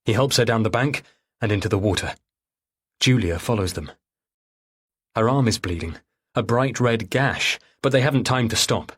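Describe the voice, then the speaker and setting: A man reading a thriller audiobook in third person, with a somewhat low, husky voice. His delivery is measured and grave throughout. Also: fairly bright tone. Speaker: audiobook narrator.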